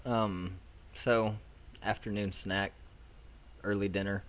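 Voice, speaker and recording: Deep-voiced, hesitant game master, recorded in an echoey room. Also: male voice, level tone. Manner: halting, many fillers and restarts. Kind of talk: narrating a tabletop game.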